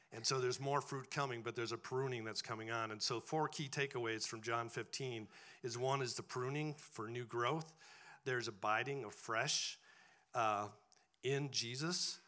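A man preaching to his congregation in a relaxed, conversational way, often pausing to ask "right?" His voice sits at a middle pitch and has a bright, forceful edge. He talks as if speaking directly to the people in front of him. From farming background. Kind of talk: sermon.

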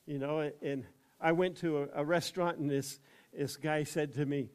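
An older American man delivers a sermon in a slightly raised voice. He unfolds his story at an easy pace with small pauses, then presses his points with rising emphasis. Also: on the high side, fairly even intonation, darkish tone, clean tone. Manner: unhurried storytelling that rises into emphatic preaching. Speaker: pastor.

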